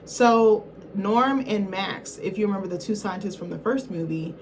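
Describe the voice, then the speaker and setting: A woman's voice: mid-range voice, normal speed, a little hiss or hum. A woman reviewer giving a casual film recap in a rambling, slangy, profane way, often correcting herself mid-thought.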